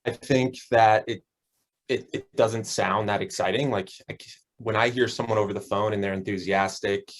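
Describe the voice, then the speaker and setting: A man's voice: lowish voice, steady tone, moderate pace. A man taking part in a workshop, answering the trainer's questions in a hesitant, thinking-aloud way. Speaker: workshop participant. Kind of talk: conversational replies.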